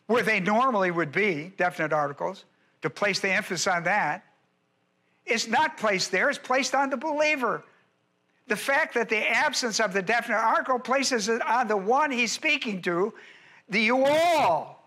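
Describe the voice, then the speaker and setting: A male pastor works through a verse in an expository sermon, leaning hard on each point and repeating his key words. His voice sits high and bright for a man, with a forceful edge.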